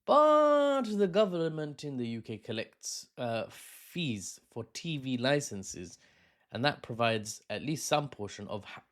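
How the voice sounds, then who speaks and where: A man talks through current events in a loose, unscripted way. He stumbles, restarts phrases and fills pauses with "uh" and "um". His pitch sits in an ordinary middle range for a man. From United Kingdom. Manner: rambling, with fillers and self-corrections. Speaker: political commentator. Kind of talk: casual spoken commentary.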